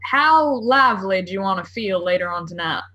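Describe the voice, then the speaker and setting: A woman's voice: medium pitch, animated, normal speed, bright, forceful tone, poor audio. A woman chatting casually as a player in a tabletop game, full of likes and ums. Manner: chatty, hedges with "like" and "um".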